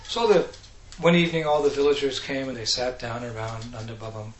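A man giving a devotional talk, telling scripture stories in a lively way and acting out the characters. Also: medium pitch, a little fast. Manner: animated, acts out characters, laughs often. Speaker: speaker. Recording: echoey room with faint ambience.

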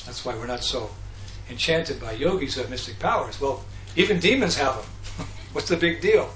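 Animated man telling devotional stories. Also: a little high, a little hiss or hum. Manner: animated, acts out characters, laughs often. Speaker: speaker. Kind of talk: devotional storytelling talk. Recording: echoey room with faint ambience.

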